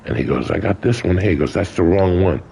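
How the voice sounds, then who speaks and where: A man's voice: low-pitched, fast talker, creaky, slight background noise, poor audio. An older man telling stories in a casual interview, colorful and profane, acting out other people's lines. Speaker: guest. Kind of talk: casual storytelling.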